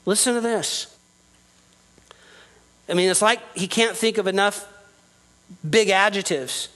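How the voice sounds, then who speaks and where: Earnest high-voiced preacher. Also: male voice, a little slow, sharp tone, poor audio. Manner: earnest preaching, rising and falling with emphasis. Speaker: pastor. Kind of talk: sermon.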